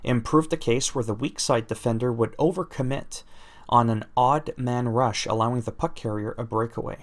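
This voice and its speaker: This man speaks at a normal pace in a mid-range voice, going through a game's patch notes for his YouTube channel. Now and then he interrupts himself with jokes at his own expense, chuckling at his side comments.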